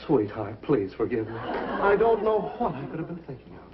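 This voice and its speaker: A man's voice: mid-range voice, very animated, normal speed, natural voice. An actor in a 1950s sitcom playing a man who poses as a formal, pompous judge. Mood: doting. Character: husband's friend posing as a pompous judge. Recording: dull old TV soundtrack, loud audience laughter and noise.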